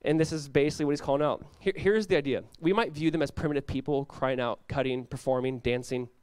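A young man preaching a sermon as pastor, casual and animated, peppered with "like" and quick laughs. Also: mid-range voice, clear, resonant tone, no room sound.

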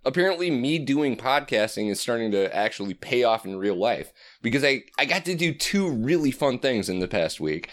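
A man's voice: medium pitch, very animated, moderate pace, hardly any pauses. Give me a chatty, profane man in his thirties co-hosting a podcast. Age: 30s. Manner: profane, rambling, drops into put-on announcer voice. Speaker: podcast co-host. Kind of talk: casual chat.

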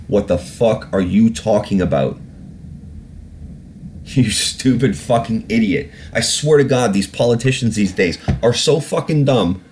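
His voice is mid-range and darkish, a little slow, with a faint hiss or hum behind it. As a solo podcast host he rants about politics, cursing often and rambling with many fillers and restarts.

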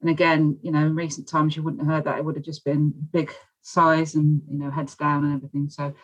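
Low-voiced woman, enthusiastic. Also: level tone, a little fast, lo-fi sound. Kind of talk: casual chat.

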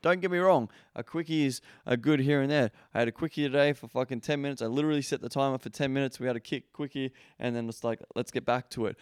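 A man hosting a podcast, talking straight to his listeners in a blunt, emphatic coaching tone. He swears freely and peppers his talk with "like." His voice sits at a middle pitch and is recorded close and dry, with no room sound. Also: steady tone, fast talker, few pauses, clean tone, dry recording. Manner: blunt, profane, emphatic, many fillers. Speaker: podcast host. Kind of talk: casual coaching monologue.

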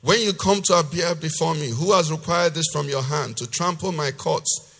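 A male pastor preaching a sermon, reading scripture loudly with force and then explaining it in a lower, conversational voice. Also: moderate pace, creaky, husky, soft background music. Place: church hall. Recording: long reverb of a church hall.

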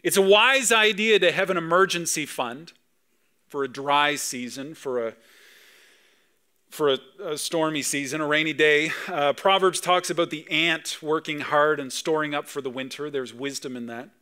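A man's voice: fairly high pitch, moderate pace. A man in his thirties, a pastor from Canada, preaching a conversational sermon full of personal stories. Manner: storytelling, animated, conversational, sometimes emotional.

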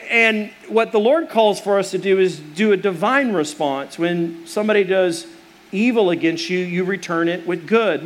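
A middle-aged man preaching a sermon, earnest and storytelling, with restarts and fillers. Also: high-pitched. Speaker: pastor.

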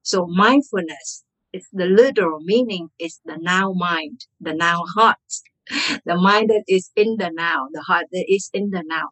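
A woman meditation teacher speaking gently and unhurriedly in an interview. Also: lowish voice, breathy edge, rough recording.

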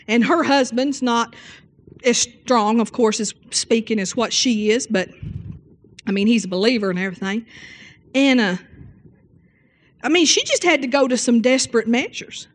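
A woman's voice: a little high, moderate pace, long pauses. A woman preacher telling stories in a sermon, often asking "Amen?" between rambling asides. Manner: storytelling, repeating "Amen" and fillers.

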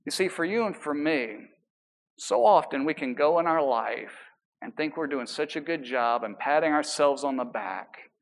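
A male pastor delivering a sermon with a slightly raised pitch. He preaches emphatically, building energy on his key points. Between them he drops into casual, chatty asides to his listeners. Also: expressive, moderate pace.

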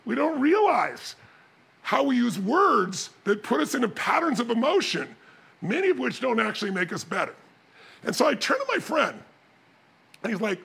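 Gravelly, high-pitched man teaching a seminar. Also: normal speed. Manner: animated storytelling, shouting and mimicking others. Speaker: motivational speaker. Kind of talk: live seminar talk.

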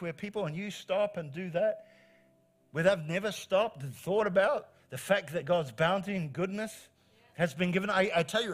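A middle-aged pastor from New Zealand, whose voice sits high, preaches an animated, encouraging sermon and repeats phrases for emphasis.

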